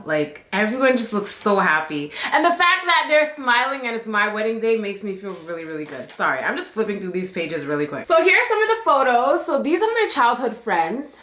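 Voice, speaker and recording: A woman's voice: medium pitch, bright, forceful tone. A young woman from Jamaica chatting to her viewers in a casual story-time vlog, bubbly, chatty and emotional. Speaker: YouTube vlogger. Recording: echoey room.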